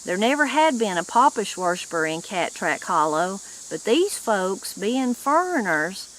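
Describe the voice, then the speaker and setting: A woman hosting her channel, reading a novel aloud with measured storytelling. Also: medium pitch, very animated, fairly bright tone. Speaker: reader, channel host.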